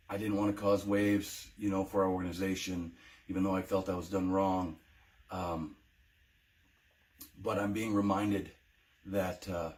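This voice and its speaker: Emotional, hesitant veteran man. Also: low voice. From United States. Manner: emotional, hesitant, many ums and restarts. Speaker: veteran telling his own story. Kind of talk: personal testimony vlog.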